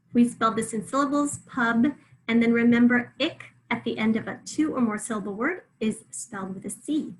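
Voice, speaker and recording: A woman teacher gives a spelling test and goes over the answer key, saying each word and splitting it into syllables with clear, careful enunciation. Her voice is fairly high, and the poor audio carries slight background noise.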